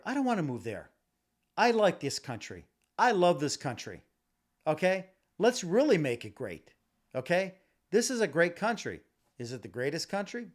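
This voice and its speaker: This podcast host delivers an impassioned solo rant, repeating himself and stumbling through fillers and false starts. His voice is a little high and very animated, moving at a moderate pace with frequent pauses, captured on a home podcast mic.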